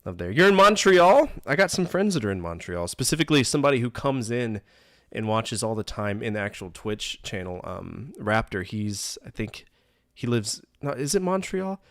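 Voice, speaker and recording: A man in his thirties streams a game live, cracking jokes, griping sarcastically and talking with viewers. His medium-pitched voice swings widely and sounds fairly bright at a moderate pace, captured cleanly in a studio with no echo and faint game music behind.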